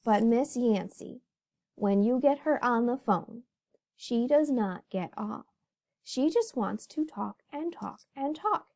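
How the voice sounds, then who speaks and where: A woman teacher giving an animated phonics lesson to young children, telling the letters' stories and talking to them as boys and girls. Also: fairly high pitch, takes it slowly.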